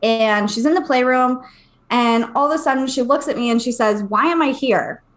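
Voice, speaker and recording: A woman in her thirties with a slightly high voice tells a personal story on a podcast. She talks casually and in an animated way, acting out the voices of the people she quotes. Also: a little fast. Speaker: podcast co-host.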